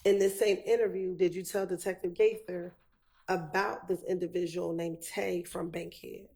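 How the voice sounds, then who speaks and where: A woman prosecutor questioning a witness in a courtroom, methodical and measured. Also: on the low side, little pitch movement, creaky, dark tone.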